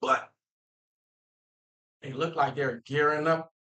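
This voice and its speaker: A man's voice: a little high, steady tone, slow, pushed and bright, low-quality recording. A man vlogging as a football fan, ranting casually and animatedly, repeating himself and talking straight to his viewers. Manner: emphatic, restarts phrases often. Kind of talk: casual sports rant.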